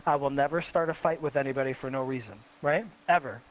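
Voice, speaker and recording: A man's voice: mid-range voice, quick pace. A man hosting a casual chat, talking emphatically and repeating himself as he reflects. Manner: emphatic, repetitive self-reflection. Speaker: host. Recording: dull lo-fi sound with faint hiss.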